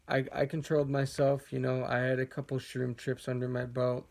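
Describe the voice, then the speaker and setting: A man's voice: medium pitch, flat delivery, normal speed, creaky, few pauses, a little mellow. A young man casually telling a personal story as a vlogger, laid-back and rambling with lots of fillers.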